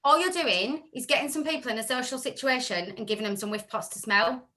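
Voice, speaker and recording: A woman's voice: a little high, a little fast. A woman speaking from home, casually sharing sales tips on a group call, chatty and full of asides. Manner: chatty, self-interrupting, animated storytelling. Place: home room.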